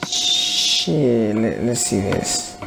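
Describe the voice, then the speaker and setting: A man's voice: mid-range voice, unhurried, very noisy. A man casually commenting on his gameplay, grumbling, swearing and muttering to himself. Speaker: gamer. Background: game music.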